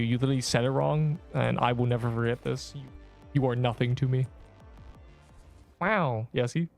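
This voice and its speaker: A man's voice: mid-range voice, a little slow. Joking male streamer over faint music. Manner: joking, rambling, teasing viewers in chat. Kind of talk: casual gameplay livestream chat.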